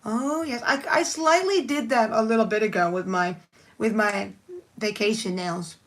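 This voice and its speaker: A woman's voice: fairly high pitch, normal speed. A woman chatting casually on a live stream while doing her nails, rambling and thinking aloud as she works. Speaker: nail art livestreamer.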